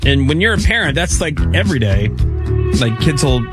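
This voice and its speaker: A man's voice: on the high side, big pitch swings, fairly quick, loud music behind the voice. A middle-aged man hosting a radio show, telling family stories in a chatty, rambling way with lots of fillers. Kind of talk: casual radio banter. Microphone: studio mic.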